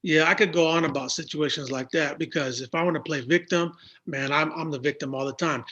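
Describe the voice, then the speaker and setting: A man from the United States, a guest in a relaxed remote interview. His voice sits a little high and has a husky grain. He talks in an easygoing, reflective way. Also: a little fast, muffled recording. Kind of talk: casual interview over a call.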